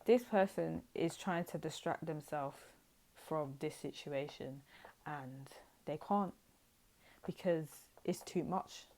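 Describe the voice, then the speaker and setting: Low-voiced chatty woman reading tarot. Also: slow. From United Kingdom. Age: young adult. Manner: chatty, blunt, animated asides. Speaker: tarot reader. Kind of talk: casual tarot reading to camera.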